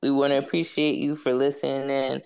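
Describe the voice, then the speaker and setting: A woman's voice: extremely low pitch, level tone, a little fast, gravelly, a loud crowd. A woman hosting a casual podcast chat, laid-back and repetitive, laughing often. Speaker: podcast host.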